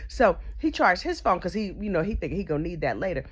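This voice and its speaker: A woman's voice: on the low side, very animated, fast, slightly rough. A woman telling a comedic gossip story, chatty and sassy, full of mock outrage and asides to the listener. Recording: slightly dull lo-fi audio.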